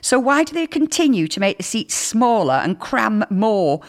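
A woman hosting a radio show in casual chat, reading out listener messages with chatty, lively emphasis. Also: on the high side, normal speed. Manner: chatty, reads texts aloud with lively emphasis. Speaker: radio host.

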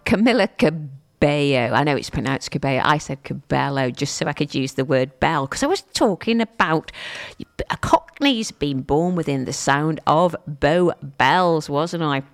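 A woman's voice: low voice, lively intonation, normal speed. A woman presenting on the radio, chatting in a nostalgic, easygoing way and laughing easily. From England.

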